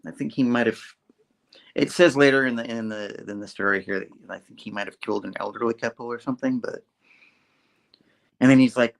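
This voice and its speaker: A man's voice: medium pitch, brisk, vocal fry, long pauses. A man hosting a casual comic book review show, retelling the story in a rambling way with many fillers. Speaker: host.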